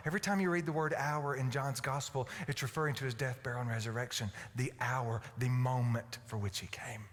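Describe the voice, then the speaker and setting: A man from Alabama, preaching a folksy, humorous sermon that swings from loud to hushed. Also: mid-range voice, fairly even intonation, fairly quick, few pauses. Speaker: pastor. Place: church sanctuary. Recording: echoey church hall.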